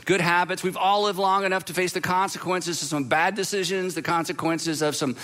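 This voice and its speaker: A man's voice: sits high, steady tone, fairly quick, sharp tone. A man preaching as pastor, talking in a conversational way with some fillers. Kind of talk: sermon.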